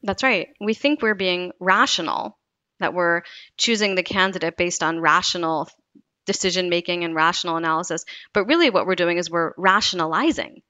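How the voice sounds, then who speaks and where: A woman, a psychology researcher, explaining experiments in a lively, storytelling way during an interview. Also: on the low side, moderate pace, no room sound. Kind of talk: interview conversation.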